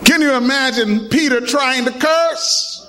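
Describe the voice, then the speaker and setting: A man's voice: very high-pitched, measured pace, pushed and bright, slight background noise. A man preaching a sermon in a dramatic, emphatic way, calling out to his congregation.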